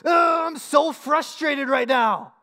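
A man voicing his frustrated, indignant little girl of about four, loud and exasperated. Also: very high voice, takes it slowly, voice pushed up, full character voice.

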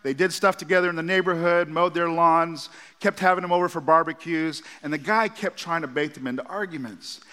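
Bright-voiced pastor preaching in a hall. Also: male voice, on the high side, a little fast, smooth. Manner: storytelling, animated asides. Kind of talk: sermon. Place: church auditorium. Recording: long hall reverb.

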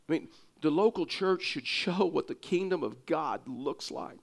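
A man's voice: fairly high pitch, lively intonation, a little slow, creaky. A man with a Texas accent preaching a sermon, earnest, often repeating and restarting words for emphasis.

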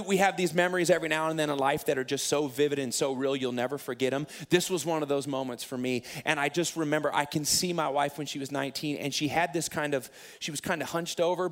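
Pastor guy in his 30s telling a funny story in a sermon, kinda high voice, acts out his own lines.

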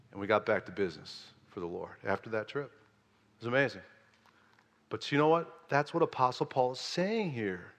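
Pastor guy preaching in a big echoey church, bright forceful voice, gets loud. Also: on the low side, normal speed. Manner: builds from quiet storytelling to loud preaching. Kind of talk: sermon. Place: church sanctuary.

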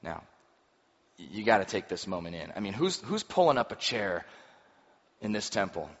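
Animated male pastor preaching in a hall. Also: lowish voice, moderate pace. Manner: animated, imagines scenes aloud. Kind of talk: sermon. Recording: muffled reverberant hall recording.

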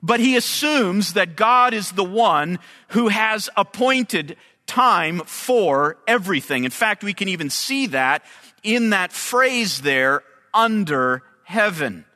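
High-voiced, unhurried male preacher. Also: animated, sharp tone, long reverb tail. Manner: measured teaching delivery, explaining Hebrew terms. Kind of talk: expository sermon.

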